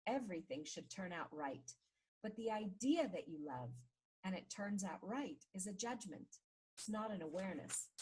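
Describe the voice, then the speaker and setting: A woman reading a self-help book aloud in a steady, measured way. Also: mid-range voice, breathy edge, low-quality recording. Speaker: reader of a book.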